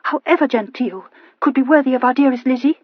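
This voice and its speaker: A woman voicing a prim, high-minded young lady who intones her reproofs. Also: fairly quick, no echo, lo-fi sound.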